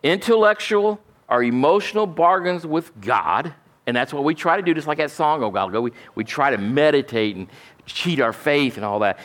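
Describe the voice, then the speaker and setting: A man's voice: on the high side, fairly bright tone. A male pastor, preaching a folksy, emphatic sermon and asking "amen?" often.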